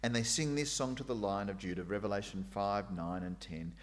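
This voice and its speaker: A man's voice: lowish voice, fairly quick. A middle-aged man preaching a sermon, dramatizing God's questions with sudden raised, emphatic lines.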